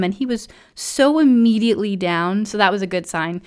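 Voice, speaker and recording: Woman, podcast host, casual travel storytelling, animated, laughs often, mimics people. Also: mid-range voice, moderate pace.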